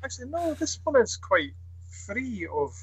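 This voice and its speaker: Husky man in rambling chat. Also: extremely high pitch, sing-song, a little slow, fairly bright tone, dry recording. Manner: rambling, enthusiastic, many restarts. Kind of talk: casual chat. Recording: slightly dull lo-fi sound.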